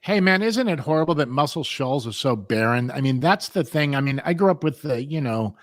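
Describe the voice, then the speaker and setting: A man's voice: mid-range voice, expressive, brisk, no room sound, studio quality. Laughing, rambling male podcast host. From US West Coast. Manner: rambling storyteller, laughs often. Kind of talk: casual chat.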